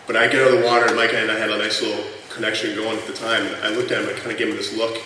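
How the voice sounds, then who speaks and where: A man in his thirties tells chatty stories at a tribute panel, his voice filling a big, booming convention hall. He sounds distant from the mic. A noisy crowd murmurs behind him. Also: little pitch movement, racing. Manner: chatty, lots of fillers, laughs through the punchlines. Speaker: former colleague sharing memories. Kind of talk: anecdotal storytelling at a tribute panel. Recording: echoey hall from far off, noisy room.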